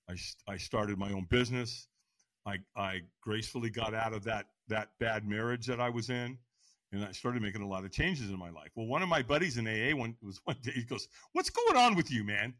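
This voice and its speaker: A man's voice: lowish voice, moderate pace, no echo. A man in his sixties, a podcast guest telling his life story with energy, laughing and acting out voices. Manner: energetic, laughing, acts out quotes. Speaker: podcast guest, firewalk instructor. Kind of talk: animated personal storytelling.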